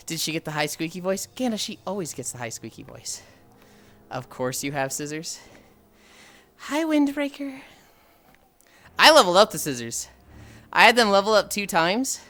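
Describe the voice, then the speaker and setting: Bright-voiced man rambling on a stream. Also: sits high, big pitch swings, moderate pace, pauses often. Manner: rambling, sighs often, swears casually. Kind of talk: casual stream chat while walking. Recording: faint music behind.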